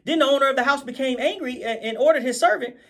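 A man with a high voice preaches an informal Bible study with lively energy. He keeps circling back with "right?", laughs now and then, and slows down for scripture readings. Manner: animated, repeats phrases, calls out "right?" to listeners.

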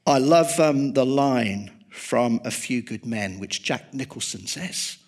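A man preaching a sermon, swinging from loud emphasis to hushed, quiet tones. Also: medium pitch, measured pace.

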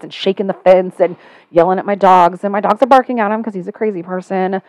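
A middle-aged woman hosting a casual podcast chat, telling a story with animated, sarcastic energy and getting louder as she goes. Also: mid-range voice, fast, no room sound. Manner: animated storytelling, sarcastic when quoting herself.

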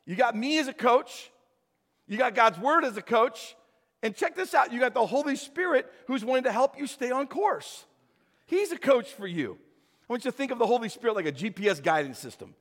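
A man preaching a sermon as pastor, emphatic, swinging between loud bursts and quiet asides, recorded in an echoey hall. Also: sits high.

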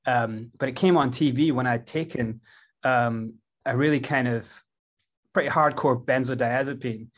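A man's voice: medium pitch, moderate pace. A man with a Scottish accent, a guest in an interview, telling his story in a rambling way with many fillers and restarts. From Scotland.

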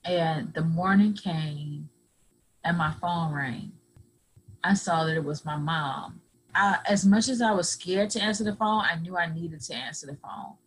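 A woman's voice: lowish voice, a little slow, poor audio. Earnest woman telling a personal story. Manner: earnest, acts out others' words in dialogue. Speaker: podcast guest.

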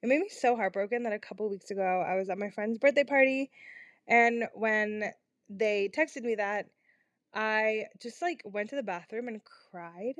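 A young woman hosts her own podcast from her bedroom, chatting in a casual, confessional way into a small home microphone. She rambles and pokes fun at herself, with fillers and swearing, at medium pitch and normal speed. The recording is dry.

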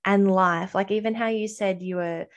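A woman's voice: medium pitch, fairly even intonation, normal speed, muffled recording. A woman talking earnestly in a podcast conversation, reflective and personal, voicing her past inner thoughts as quotes.

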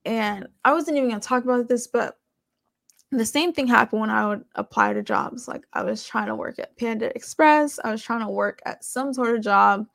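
A woman's voice: a little high, normal speed, gravelly, fairly bright tone, no echo. A young adult woman hosting a faith podcast, telling a personal story in a casual, rambling way with many fillers. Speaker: podcast host.

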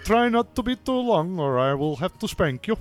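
A man's voice: high voice, very animated, normal speed, over loud music. A man voicing a stern, domineering Norse wife in a tabletop game. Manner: scolding, domineering. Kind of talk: tabletop role-play.

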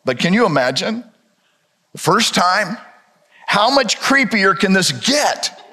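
A man's voice: sits high, big pitch swings, slow pace, pushed and bright. A male pastor preaching a sermon with dramatic storytelling and rhetorical questions. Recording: reverberant hall.

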